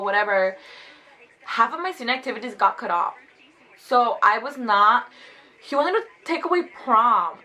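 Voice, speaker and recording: A woman in her twenties telling a casual storytime vlog, chatty and animated, saying "like" constantly. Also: fairly high pitch, rough recording. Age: 20s. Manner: chatty, fast, heavy use of "like", animated retelling. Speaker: vlogger.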